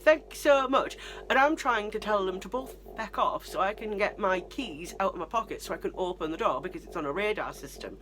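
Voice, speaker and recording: A woman with a British accent, chatting and telling stories to camera in a rambling, self-deprecating way. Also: lowish voice. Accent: British English. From Britain. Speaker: vlogger. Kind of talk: casual storytelling to camera.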